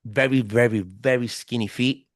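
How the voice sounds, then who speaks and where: A man telling a story as a podcast guest in a casual, animated way, full of slang. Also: medium pitch, moderate pace, no room sound, clean studio sound. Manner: animated, slangy, keeps saying bro.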